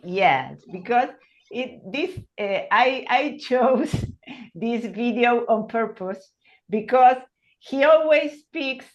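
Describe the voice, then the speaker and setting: A woman whose first language is Spanish teaching an English class on a video call, speaking slowly and hesitantly. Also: on the high side, expressive, muffled recording. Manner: slow, hesitant, searching for words. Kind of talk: online class.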